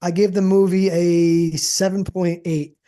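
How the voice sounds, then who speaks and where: Podcast co-host, male, high and mellow voice, quick rambling delivery. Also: level tone. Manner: rambling, restarts often, says dude and man. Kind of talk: casual chat.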